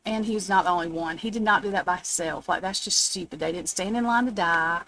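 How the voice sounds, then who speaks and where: A woman's voice: on the low side, brisk, few pauses, sharp tone, poor audio. A woman hosting a live stream, ranting bluntly and swearing, upset after crying. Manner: indignant, blunt, swears freely. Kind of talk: unscripted live stream rant. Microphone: phone or webcam, off camera.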